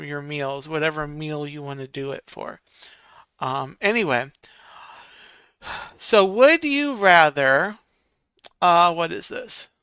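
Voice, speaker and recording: A man's voice: on the high side, vocal fry, pushed and bright, smooth, no echo. A man hosting a livestream, musing aloud in casual chat and correcting himself as he goes. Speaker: livestream host. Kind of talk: casual live-chat talk.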